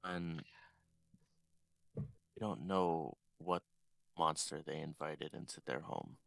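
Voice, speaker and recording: A man playing his character in a tabletop role-play, speaking in a slow, measured, suave way. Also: extremely low pitch, gravelly, a bit bright, no room sound. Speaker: player.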